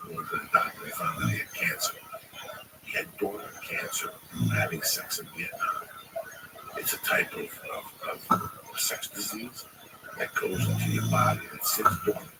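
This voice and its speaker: A man's voice: very deep voice, huge pitch swings, normal speed, vocal fry. A middle-aged man telling long, profane, rambling stories to friends in a casual livestream. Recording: distant mic with loud background noise.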